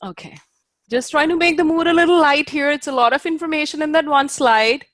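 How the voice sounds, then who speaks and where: A woman's voice: high-pitched, a little fast, a bit bright, no echo. A woman teaching a class. She explains patiently with fillers, checks whether her students understand, and takes care over Sanskrit pronunciation. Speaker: Ayurveda teacher. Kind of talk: lecturing a class.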